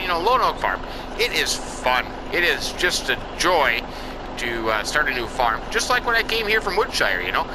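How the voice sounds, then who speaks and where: A man's voice: mid-range voice, background noise. A man playing a farming game in character as a farmer, commenting in a folksy, rambling way. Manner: folksy and rambling, with lots of "I tell ya" and "you know". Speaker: farming game let's-player. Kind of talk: in-character role-play commentary over gameplay.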